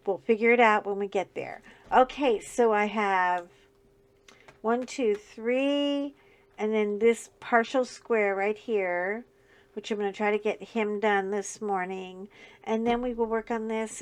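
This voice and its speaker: A middle-aged woman with a scratchy voice, chatting casually and laughing often as she talks through her crafting. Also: medium pitch. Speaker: crafting channel host. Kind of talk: casual chat while diamond painting.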